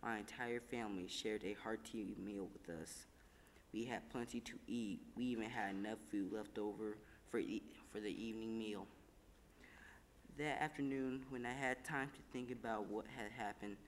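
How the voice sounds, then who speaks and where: A man narrates a heartfelt story at an even, measured pace, now and then stumbling over a word. His voice rings with a long room echo over faint background noise. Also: on the low side. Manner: calm, measured storytelling with small slips. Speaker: reader. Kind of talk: scripted narration of a first-person story.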